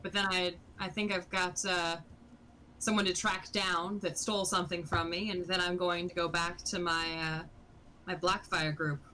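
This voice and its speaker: A woman plays a greedy smuggler stuck in a prison cell, matter-of-fact and ambitious. Her voice is bright and forceful, with faint background noise. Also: fairly low pitch, level tone, normal speed, rough recording.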